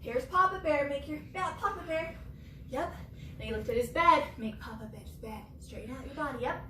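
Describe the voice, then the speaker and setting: A young woman teaching preschool yoga through a story, expressive and sing-song, with gasps and whispers, recorded roomy and from far off. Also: sits high, normal speed, slight background noise. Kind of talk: storytelling yoga lesson for children.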